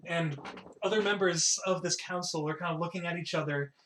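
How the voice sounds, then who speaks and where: A man narrates a tabletop game as game master, in a voice a little higher than usual. He rambles loosely and leans on lots of fillers as he describes the scene. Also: brisk, a bit bright, a little hiss or hum.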